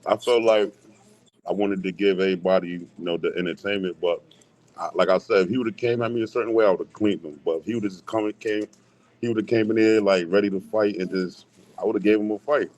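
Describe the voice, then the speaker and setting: A man talking as a boxing guest in casual chat, laid-back, with street slang and quick laughs. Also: on the low side, steady tone, a little mellow. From Hartford, Connecticut. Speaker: guest boxer.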